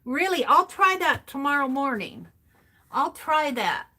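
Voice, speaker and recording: A woman's voice: high-pitched, sing-song, measured pace. A woman hosting an art livestream, chatting casually and musing aloud to herself as she draws. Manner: soft-spoken, muses aloud to herself. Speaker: livestream host and artist. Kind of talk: casual chat while drawing.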